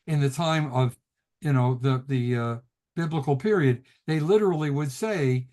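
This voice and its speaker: A man's voice: medium pitch, moderate pace, darkish tone. A middle-aged man, a rabbi, teaching a class over a video call, telling stories casually with laughs and restarts. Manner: chatty storyteller, laughs often, restarts sentences.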